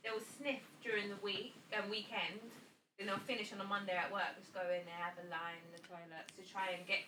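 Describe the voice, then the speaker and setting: A woman's voice: medium pitch, little pitch movement, quick pace, bright, forceful tone. Young woman, blunt, far from the mic. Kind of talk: casual group chat. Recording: roomy, off-mic with faint background noise.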